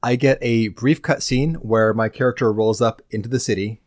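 A man's voice: medium pitch, fairly even intonation, moderate pace, a little mellow, dry recording. Dry-voiced man telling a story. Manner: dry, wry storytelling with comic emphasis. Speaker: podcast co-host. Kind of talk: casual chat recapping a game.

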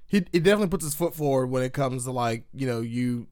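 A man's voice: mid-range voice, expressive, quick pace, darkish tone. A man in casual chat, telling heated, profane stories full of "like" and fillers.

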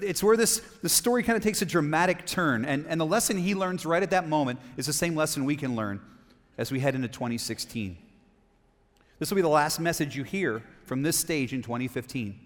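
A man preaching a sermon to a congregation, animated, asking the room questions and reading passages aloud with drama. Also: a little high, a little fast. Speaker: pastor. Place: church auditorium. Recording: long reverb of a church hall.

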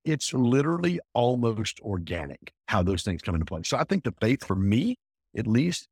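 A man talking as an entrepreneur guest in a casual interview, emphatic and energetic, often repeating himself. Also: mid-range voice, moderate pace, breathy edge, no echo, clean studio sound.

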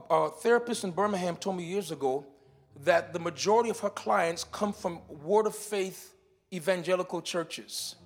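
A man preaching a sermon in a church, moving between shouted declarations and quiet teaching, often repeating words as he explains. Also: high voice. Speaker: pastor. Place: church sanctuary.

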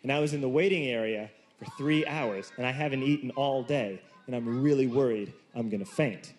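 A man doing stand-up comedy, telling a self-mocking story with animated outbursts. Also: mid-range voice, brisk. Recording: noisy live recording with room ambience.

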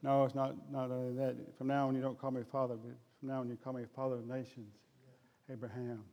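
A man voicing a solemn old male patriarch in a sermon story, measured and declaring. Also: mid-range voice, completely flat delivery, big-room sound, lo-fi sound, lightly acted.

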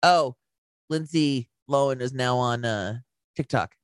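A man's voice: medium pitch, unhurried, clear, resonant tone, no room sound. A man co-hosting a podcast in casual chat, laughing often as he jumps from one story to the next. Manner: chatty, laughs often, jumps between stories. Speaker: podcast co-host.

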